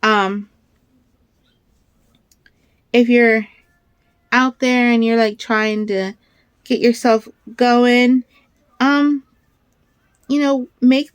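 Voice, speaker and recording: Excitable rambling woman, dry close sound. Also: fairly high pitch, slow, long pauses, clean tone, dry recording. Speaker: crafter vlogger. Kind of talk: casual rambling chat.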